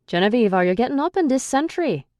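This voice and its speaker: A woman's voice: a little high, big pitch swings, fast talker, darkish tone, no room sound, studio quality, pitched above the performer's own voice. A woman voicing a bossy, hot-tempered supernatural young man who scolds and commands. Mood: impatient.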